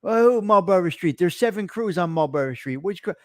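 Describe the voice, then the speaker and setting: A man's voice: sits high, animated, dry recording, clean studio sound. A man voicing a menacing, hot-tempered mob boss who curses and barks questions. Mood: demanding. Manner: cursing, barking rapid questions.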